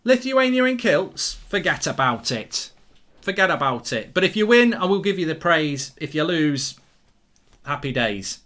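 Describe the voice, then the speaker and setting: Excitable English man hosting football watchalong. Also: fairly high pitch, measured pace. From England. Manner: excitable, rambling, reads viewer comments aloud. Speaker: host. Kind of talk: live football watchalong commentary.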